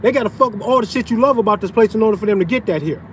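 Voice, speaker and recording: A man's voice: high voice, rapid-fire, slight background noise, rough recording. A man ranting profanely on a livestream, outdoors in a parking lot. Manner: profane, heated ranting, conversational slang. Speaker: open carry vlogger.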